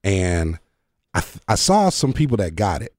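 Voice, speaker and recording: Animated man hosting a faith talk show. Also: sits low, moderate pace, no echo, clean studio sound. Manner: animated, explains with examples, presses guest to repeat points. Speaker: podcast host.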